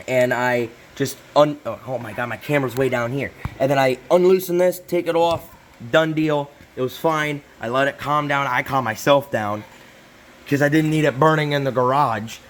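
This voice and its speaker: A man's voice: mid-range voice, fairly even intonation, moderate pace, a little hiss or hum. Rambling young man in a garage. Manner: rambling, self-interrupting, apologetic asides. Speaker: channel host. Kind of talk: casual repair vlog. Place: hot garage.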